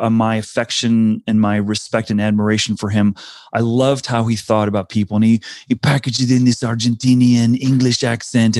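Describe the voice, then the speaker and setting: A man's voice: mid-range voice, darkish tone, no room sound, studio quality. A man, likely in his forties, telling a personal career story in an earnest, reflective way, often restarting his sentences. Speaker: speaker sharing a career story.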